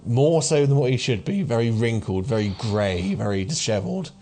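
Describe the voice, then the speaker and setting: A man's voice: mid-range voice, expressive, moderate pace, dark tone, faint music behind. A man in his thirties narrating a tabletop game as game master, rambling with many fillers. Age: 30s.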